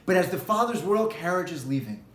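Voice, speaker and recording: A high-voiced male rabbi preaching a holiday sermon, telling a parable with animated storytelling energy. His voice rings in an echoey room. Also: brisk.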